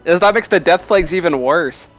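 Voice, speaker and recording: A man's voice: high-pitched, normal speed, poor audio. A man on a casual podcast book chat, dropping wry remarks to his friends. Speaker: podcast co-host. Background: loud background music.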